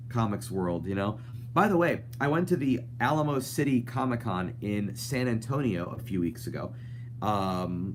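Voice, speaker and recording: Young male host, low voice, loose rambling chat over faint hum. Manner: rambling, chatty, reads viewer comments aloud. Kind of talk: casual live-stream chat.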